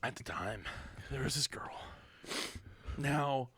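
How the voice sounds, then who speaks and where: A man's voice: medium pitch, animated, takes it slowly, pushed and bright, slightly rough, dry recording. A young man co-hosting a podcast, chatting casually with teasing jabs and telling his own story. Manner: teasing interjections. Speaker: podcast co-host.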